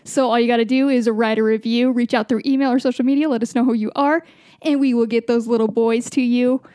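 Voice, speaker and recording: A woman's voice: on the high side, fairly even intonation, fast, mellow, dry recording, clean studio sound. A woman hosting a podcast, chatting casually with friends and reading the show's outro, upbeat and swearing freely. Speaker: podcast host.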